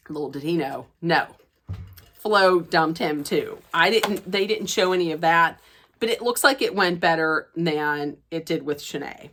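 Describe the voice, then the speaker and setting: A woman's voice: deep voice, a little slow, a bit bright. A woman chatting casually as she recaps a reality show, telling it like gossip and acting out the quotes. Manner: gossipy, chatty retelling that acts out quoted dialogue. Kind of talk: casual chat.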